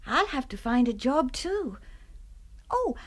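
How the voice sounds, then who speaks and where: An actress playing an emotional young Australian woman in a scripted radio drama for English learners, speaking slowly and clearly. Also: sits high, full character voice. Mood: curious. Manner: clear, slow, expressive. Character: young woman home from abroad, warm and emotional.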